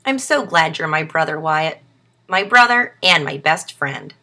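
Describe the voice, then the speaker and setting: A woman voicing a small young male turtle in a storybook, with a soft little voice. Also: low voice, expressive, measured pace, full character voice. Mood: fond.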